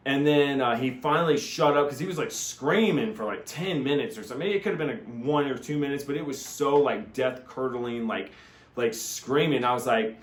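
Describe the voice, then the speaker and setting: Man, rambling vlog monologue, earnest, lots of filler words, middle pitch, echoey room. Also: fairly quick. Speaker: vlogger. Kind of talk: casual personal monologue.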